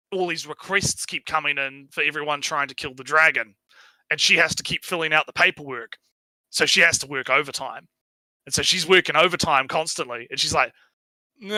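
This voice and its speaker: Stream co-host: high, bright man, animated, swears freely, acts out characters mid-recap. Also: no echo, rough recording. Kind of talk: casual chat, recapping an anime.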